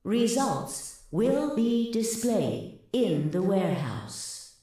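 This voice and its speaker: A cold, automated announcer AI that speaks very slowly and formally, with a lively rise and fall in pitch. The voice sounds heavily echoed within the game audio, with faint music underneath. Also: female voice.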